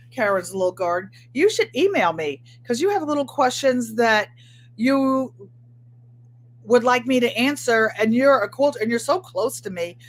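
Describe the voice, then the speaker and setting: Older woman, sewing vlogger, slightly high voice, rambling and chatty, addresses viewers by name. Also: a little hiss or hum. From Connecticut. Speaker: crafting channel host. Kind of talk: casual chatty sewing vlog.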